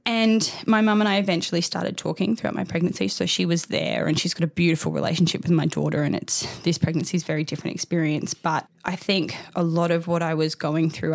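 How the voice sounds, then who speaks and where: Interview guest, woman, 30s: heartfelt, rambling storyteller with a gravelly edge, dry sound. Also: low voice, steady tone, fast talker, few pauses, dry recording. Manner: open, heartfelt, rambling with restarts. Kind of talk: candid personal storytelling.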